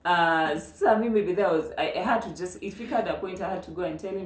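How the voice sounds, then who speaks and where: A young Kenyan woman hosting a casual chat, her voice sitting on the lower side. She tells stories with animated energy, dropping in Swahili phrases, and the room around her rings with echo. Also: fairly quick, hardly any pauses. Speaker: channel host. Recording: echoey room.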